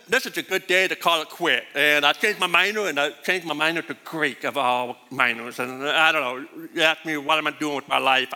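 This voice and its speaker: A man's voice: fairly high pitch, bright, forceful tone. A middle-aged man giving a sermon built around a personal story, with a distinctive voice that he himself calls bad, rambling and repeating words as he goes. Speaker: preacher. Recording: long hall reverb.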